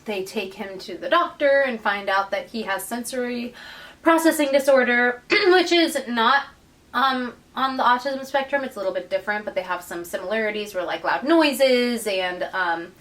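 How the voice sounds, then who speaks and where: Woman podcast co-host, higher voice, lively recapper, slightly distant mic with light background hiss. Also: normal speed. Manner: animated storyteller, acts out characters' lines. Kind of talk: casual chat, retelling a book plot.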